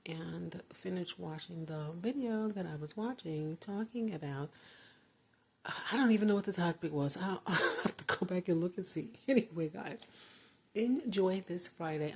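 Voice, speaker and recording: Low husky older woman rambling. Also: a little mellow. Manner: chatty, laughs often, trails off and restarts. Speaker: vlogger. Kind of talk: rambling casual monologue. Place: her bedroom, door closed.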